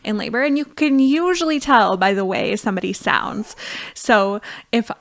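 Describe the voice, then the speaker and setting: A somewhat high-voiced woman, a podcast guest and former doula, telling a story in a loose, casual way. She keeps breaking into laughter and fills her sentences with "like". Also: expressive, normal speed. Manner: laughs often while telling a story, full of "like".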